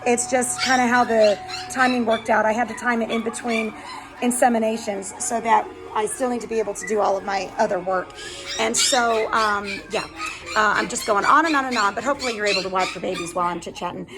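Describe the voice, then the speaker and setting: A woman's voice: on the high side, fairly even intonation, brisk, poor audio. Chatty woman breeder, music behind. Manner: rambling, chatty, many fillers, coos at puppies. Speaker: dog breeder. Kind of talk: casual vlog chat. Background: background music, puppies.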